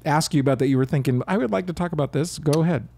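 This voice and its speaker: A man co-hosting a podcast in casual chat, animated, laughing often and acting out quoted lines. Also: on the high side, racing, creaky, dry recording. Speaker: podcast co-host.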